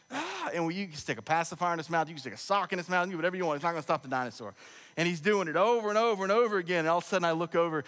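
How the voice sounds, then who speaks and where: A slightly high-voiced man in his thirties preaches a sermon. He talks in a conversational, humorous storytelling way, and his voice rings with the long echo of a large church hall. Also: fairly bright tone. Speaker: pastor. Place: church sanctuary.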